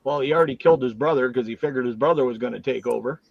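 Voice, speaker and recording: A man's voice: medium pitch, racing, gravelly, no echo. Easygoing Canadian man, dry lo-fi audio. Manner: easygoing, joking banter. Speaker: host. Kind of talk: casual chat on a group video stream.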